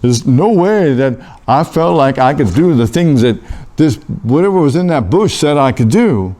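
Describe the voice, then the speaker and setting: A man's voice: fairly high pitch, expressive, moderate pace, mellow, lightly acted. Folksy old prophet, as a man puts him on. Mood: earnest. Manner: folksy, rambling storyteller. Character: folksy old male biblical shepherd-prophet. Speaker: interview guest in character. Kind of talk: comic character interview.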